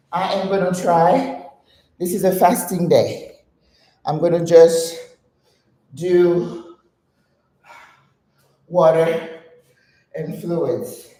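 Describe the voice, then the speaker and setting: A woman's voice: fairly low pitch, warm tone. Winded older woman coaching a workout. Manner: chatty, coaching, counts reps aloud. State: out of breath. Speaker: exercise vlogger. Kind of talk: guided home workout chat. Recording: very echoey room, voice from a distance.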